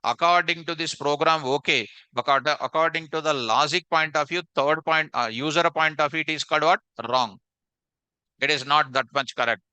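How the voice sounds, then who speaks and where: A man's voice: fairly high pitch, moderate pace, pushed and bright, clean tone, dry recording. A man teaching a programming class, repeating questions and quizzing his students. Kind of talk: live online coding class.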